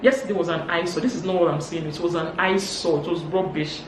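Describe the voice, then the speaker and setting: Nigerian woman gossiping, lively with quotes, roomy echo, faint hum behind. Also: fairly quick, distant mic. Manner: animated, acts out quotes in higher voices. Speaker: vlogger. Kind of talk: casual gossip recap.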